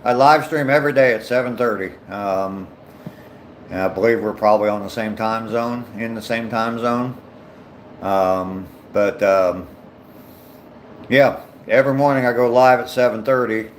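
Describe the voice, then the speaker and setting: A man's voice: medium pitch, fairly even intonation, moderate pace, slight background noise. An older man from Ohio who hosts a daily live stream, chatting casually with viewers while out on a walk and greeting them by name, with many ums. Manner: reads viewer names aloud and chats back, with many ums. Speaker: livestream host. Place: outdoors on a walk.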